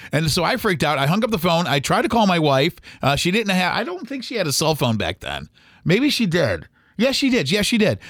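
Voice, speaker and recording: A middle-aged man, a podcast host and former radio DJ, telling a story in a halting, rambling way with many restarts. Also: a little high, a bit bright, dry recording, studio quality. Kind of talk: casual storytelling monologue.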